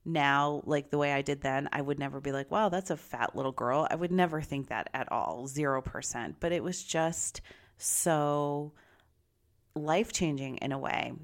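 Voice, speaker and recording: A middle-aged woman with a notably low voice shares a personal story. She talks in a candid, bubbly way and confides in her listeners. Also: unhurried. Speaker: vlogger.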